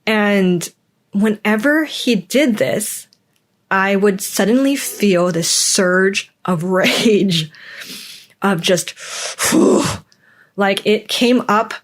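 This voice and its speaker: A woman's voice: medium pitch, slow pace. Candid woman musing on her own feelings. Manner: candid, acts out quoted voices. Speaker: podcast host. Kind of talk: personal reflective monologue.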